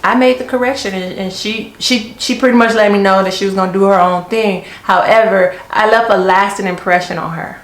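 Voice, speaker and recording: Middle-aged woman, military NCO type, firm storyteller, mid-pitched voice, roomy echo. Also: steady tone, brisk, few pauses. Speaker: Army senior NCO. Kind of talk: casual makeup chat. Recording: echoey room.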